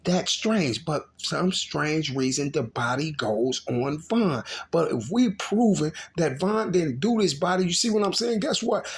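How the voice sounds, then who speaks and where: A man delivers heated street commentary, hammering his points with repetition and rhetorical questions. His voice is husky and sits a little high for a man. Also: animated, measured pace, hardly any pauses. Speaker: commentary channel host.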